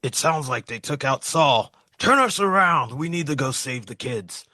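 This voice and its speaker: A man voicing panicked giant sailors who yell their alarm in a shrill voice. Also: lively intonation, normal speed, no room sound, clean studio sound. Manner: shrill, yelling.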